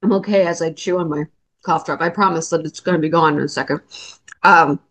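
A woman's voice: low-pitched, fairly even intonation, brisk, a bit bright. Chatty woman podcast host with a sore throat. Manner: chatty, laughs often, many fillers. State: sore throat, cough drop in mouth. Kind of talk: casual podcast chat.

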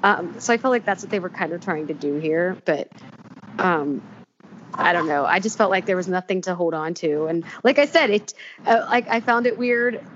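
A woman in casual chat, animated and giggly, with many fillers and restarts. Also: lowish voice, normal speed. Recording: dull lo-fi sound with faint room noise.

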